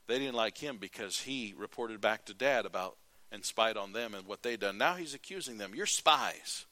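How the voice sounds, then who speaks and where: Animated preacher telling a story. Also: male voice, medium pitch, dry recording. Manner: animated storytelling, acting out the characters' lines. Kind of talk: sermon retelling a Bible story.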